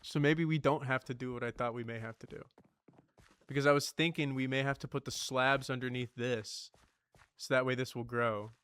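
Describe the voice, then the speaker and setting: A man streaming a survival game, chatting casually in an animated, rambling, slangy way. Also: mid-range voice, normal speed, smooth, no room sound. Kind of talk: casual gaming commentary.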